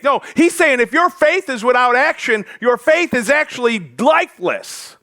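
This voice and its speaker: A man's voice: extremely high pitch, animated, normal speed, hardly any pauses, sharp tone. A male pastor preaching a sermon to his church, joking with the congregation as he goes. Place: church sanctuary.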